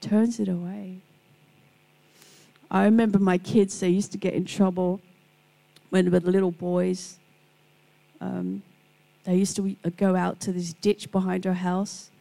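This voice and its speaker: A woman's voice: fairly low pitch, level tone, a little slow, creaky, long pauses, low-quality recording. A middle-aged woman giving a Christian devotional talk, telling personal stories and acting out the people in them. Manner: warm storytelling, acts out quoted people. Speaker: Christian speaker.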